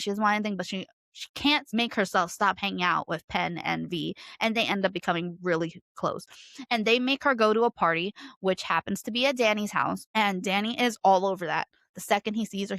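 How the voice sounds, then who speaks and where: A young adult woman giving a casual book review, ranting in an animated way and swearing freely. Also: mid-range voice, no echo.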